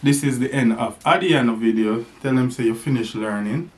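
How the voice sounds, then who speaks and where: A father speaks at a moderate pace in a slightly mellow, mid-range voice, using sing-song talk and animal sounds to play with and teach his toddler for a home vlog.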